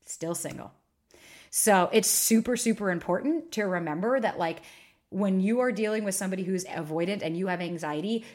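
Frank, profane woman podcast host. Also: lowish voice. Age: 30s. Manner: frank, profane, emphatic storytelling. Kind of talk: casual solo podcast monologue.

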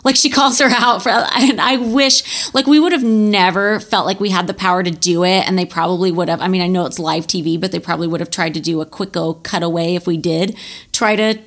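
A woman's voice: on the low side, fairly even intonation, a little fast, fairly bright tone. A woman in her forties co-hosting a podcast, talking candidly and swearing freely. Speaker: podcast co-host. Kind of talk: casual chat.

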